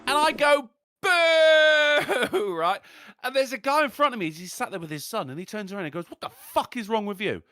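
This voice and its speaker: A man's voice: sits high, expressive, fast, sharp tone, no room sound. A man with an English accent, co-hosting a livestream and telling stories full of swearing and laughter. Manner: profane, laughing storyteller. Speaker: podcast co-host. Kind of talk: livestream talk show.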